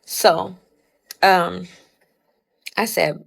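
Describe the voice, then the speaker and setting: A woman's voice: low voice, normal speed, creaky, a bit bright. A young woman casually telling a personal story, retelling it with lots of "I was like" quotes.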